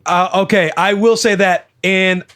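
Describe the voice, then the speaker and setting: A man's voice: high voice, steady tone, a bit bright, smooth. Joking male podcast co-host. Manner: joking, quick to laugh. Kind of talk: casual podcast banter.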